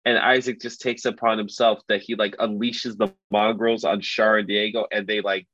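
A man casually retelling a story as a podcast co-host, animated and loose, full of filler words. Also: fairly low pitch, normal speed, dry recording. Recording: dull lo-fi dry recording.

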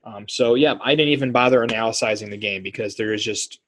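A man's voice: on the low side, brisk. A man co-hosting a podcast, talking sports casually and animatedly, acting out quotes. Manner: animated, acts out quotes in voices. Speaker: podcast co-host.

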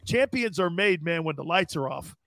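A high, bright-voiced man hosts a sports show with energetic hype. His voice sits dry and close on the mic. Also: normal speed, vocal fry, dry recording. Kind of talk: casual chat, show sign-off.

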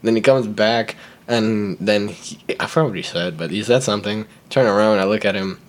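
At a moderate pace, a young man with a fairly low voice hosts his podcast by spinning a long, loose anecdote. Fillers crowd his speech, and he imitates each character's voice as he goes.

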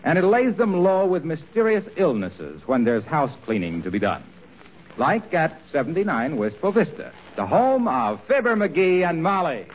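A man's voice: fairly high pitch, wildly swooping pitch, normal speed, husky. Wry, lilting male radio announcer. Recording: dull old radio broadcast.

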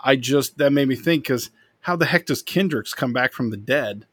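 A man's voice: mid-range voice, normal speed, a bit bright, breathy edge, dry recording. A man co-hosting a podcast in casual chat, rambling and speculating as he talks. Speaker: podcast co-host.

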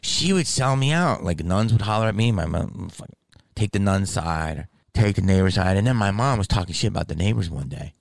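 A man hosting a comedy podcast, telling a story in a profane, heated rant that swings from mumbled asides to shouting. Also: sits low, animated, brisk, vocal fry, dry recording.

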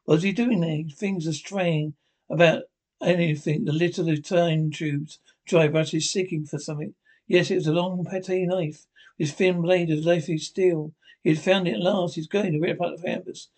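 A man's voice: on the high side, steady tone, moderate pace, darkish tone, low-quality recording. Man narrating a classic novel. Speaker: reader. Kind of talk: audiobook narration.

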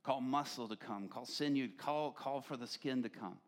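A man voicing God in a vision, giving slow, measured commands. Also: medium pitch, pitched below the performer's own voice, natural voice. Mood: commanding.

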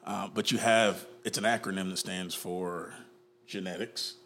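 A man co-hosting a podcast, talking casually and getting animated, with playful put-on voices. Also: low-pitched, a little slow, a little hiss or hum. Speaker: podcast co-host. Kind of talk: casual chat.

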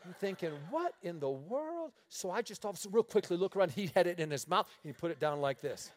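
A middle-aged man preaching, telling lively stories and laughing his way through them. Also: sits high, rapid-fire. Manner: animated storyteller, laughing through his anecdotes. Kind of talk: storytelling sermon.

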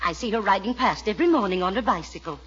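A woman's voice: mid-range voice, lively intonation, fast talker, fairly bright tone, slight background noise, natural voice. An actress playing a chatty, patronizing older mother in a 1940s radio comedy, gushing and fussy. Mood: sugary. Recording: dull lo-fi old radio recording.

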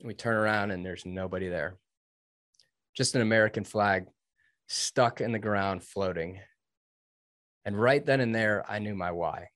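Interview guest, man with a lowish voice, heartfelt storytelling, dry close mic. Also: unhurried, long pauses, fairly bright tone, no echo. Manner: earnest, emotional, with restarts and laughs. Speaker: interview guest, former Navy SEAL trainee.

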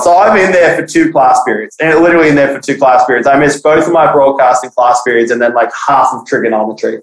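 A young man casually telling a profane school story on a podcast, animated, acting out the people he quotes. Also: medium pitch, fast, hardly any pauses. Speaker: podcast guest. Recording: echoey room.

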